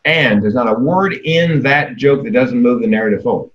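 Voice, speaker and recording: A man's voice: medium pitch, normal speed, lo-fi sound. A man in his sixties giving a comedic keynote talk, candid and darkly self-deprecating.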